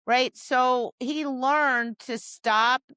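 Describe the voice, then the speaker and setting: Smooth-voiced woman dog trainer chatting. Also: high voice, very slow, dry recording. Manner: animated, acts out her dog's replies; emphatic, exasperated scolding of owners. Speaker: podcast co-host and dog trainer. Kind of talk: casual chat.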